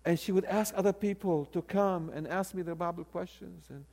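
Animated older male preacher, storytelling. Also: high-pitched, normal speed, vocal fry. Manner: animated, with many restarts and repeated words. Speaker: preacher and theology professor. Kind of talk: storytelling sermon.

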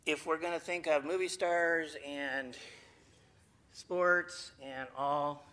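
Bright-voiced folksy man teaching scripture. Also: fairly high pitch, fairly even intonation, slow pace. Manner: folksy, chatty, with playful asides. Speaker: Bible teacher. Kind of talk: informal sermon to a group.

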